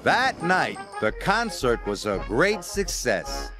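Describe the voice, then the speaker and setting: A man reading a children's story aloud in an expressive storytelling voice, over music. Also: on the high side, slow. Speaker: storybook narrator. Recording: music playing behind.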